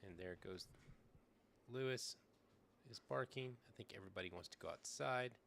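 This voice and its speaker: Middle-aged man, low gravelly casual streamer voice, easygoing ramble. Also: normal speed, slight background noise. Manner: rambling, relaxed, thinks aloud with fillers. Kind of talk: casual live-stream chat. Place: small backyard shed with air conditioner running. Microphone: desk microphone, sometimes leaning away.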